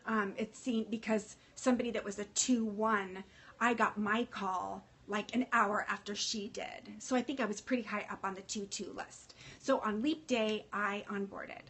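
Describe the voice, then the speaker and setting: A woman's voice: medium pitch, fairly even intonation, moderate pace, a bit bright, breathy edge. A woman chatting casually to her livestream viewers, emotional and rambling, with many fillers and restarts, greeting viewers by name. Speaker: fashion consultant livestreaming to followers.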